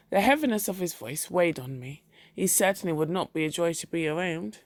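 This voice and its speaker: Audiobook narrator, first person, mid-pitched, dry studio sound. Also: expressive, brisk, no room sound. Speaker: audiobook reader.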